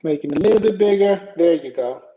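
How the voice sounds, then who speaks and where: A man's voice: fairly high pitch, lively intonation, brisk, mellow, slight background noise. Chatty man hosting a tech livestream. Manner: rambling, chatty, greets viewers in chat, many fillers. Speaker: livestream tech show host. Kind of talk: casual live-stream chat and news reading. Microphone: home setup, iPad camera and PC. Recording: echoey room, dull lo-fi sound.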